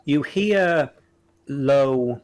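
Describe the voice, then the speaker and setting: A man narrating as dungeon master in a live tabletop game, unhurried and full of filler words. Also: medium pitch, lively intonation, a little mellow, low-quality recording.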